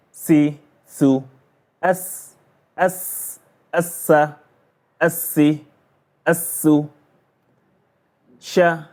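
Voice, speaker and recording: Slow, patient male recitation teacher. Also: on the high side, darkish tone. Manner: patient, repetitive, explains then drills syllables. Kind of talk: slow drilling of letter sounds.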